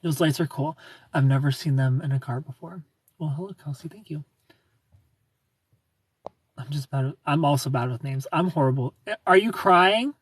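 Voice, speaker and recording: A man from Ohio hosting a casual livestream, reading viewer comments aloud in a soft, low-key way and slipping into quiet asides. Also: normal speed, pauses often, husky. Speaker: livestream host.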